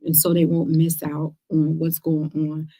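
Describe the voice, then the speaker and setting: Direct, lively woman talk host, lower voice. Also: measured pace. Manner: lively, direct, speaks to listeners as girl and y'all. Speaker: host of a cancer survivor talk show. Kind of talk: casual livestream talk to viewers.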